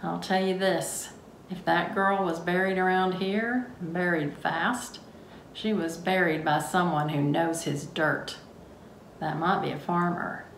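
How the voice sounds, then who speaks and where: Woman reading as a Texas cemetery caretaker, blunt, folksy drawl, low and quiet, roomy room, faint hiss. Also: steady tone, slow, vocal fry. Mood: grim, matter-of-fact. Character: blunt, matter-of-fact rural cemetery caretaker. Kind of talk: reading a novel's prologue aloud.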